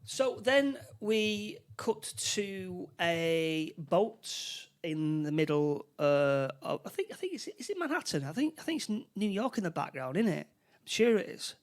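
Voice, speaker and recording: A man co-hosting a relaxed film podcast, recapping a movie scene by scene. He rambles, restarts and repeats words as he goes. His voice sits a little on the higher side. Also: measured pace. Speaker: podcast co-host. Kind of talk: casual film chat.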